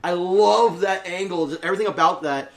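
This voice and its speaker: A man's voice: sits high, brisk. Boisterous man telling gaming stories. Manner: animated, boisterous storyteller who laughs and yells. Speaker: podcast co-host. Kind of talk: casual podcast chat.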